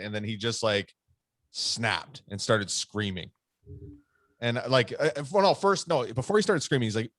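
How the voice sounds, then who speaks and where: A man's voice: on the low side, dry recording, studio quality. A man co-hosting a podcast, telling a story in a rambling way with lots of fillers and swearing. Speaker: podcast co-host. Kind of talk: casual storytelling chat.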